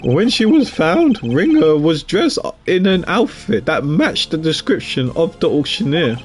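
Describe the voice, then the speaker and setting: A man's voice: fairly high pitch, very animated, a little slow, faint music behind. A man voicing a pompous male prosecutor laying out the details of a murder in a game. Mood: self-important.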